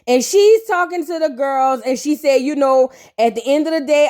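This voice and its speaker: This reality TV recap host has a high voice and keeps a moderate pace with few pauses. Sassy and swearing freely, she reacts casually to the show and performs the cast members' lines as she recounts them.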